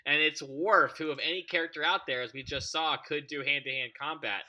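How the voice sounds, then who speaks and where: Very bright, enthusiastic male podcaster. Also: mid-range voice. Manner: enthusiastic, agreeable, quick to laugh. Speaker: podcast co-host. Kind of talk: casual fan discussion.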